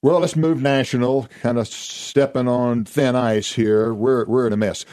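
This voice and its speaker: A man's voice: medium pitch, steady tone, measured pace, hardly any pauses, a little mellow, no echo, studio quality. An older man hosting a radio talk show, chatting in a folksy way with many fillers and restarts. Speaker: radio host. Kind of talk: casual chat.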